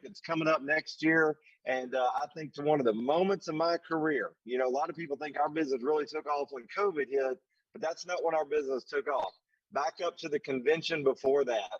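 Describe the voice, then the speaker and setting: A man with a lilt, his voice sitting a little high, delivering an emphatic, folksy motivational talk. He drives points home by repeating himself. The sound is dry and slightly dull. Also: dry recording. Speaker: leadership summit speaker. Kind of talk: motivational speech.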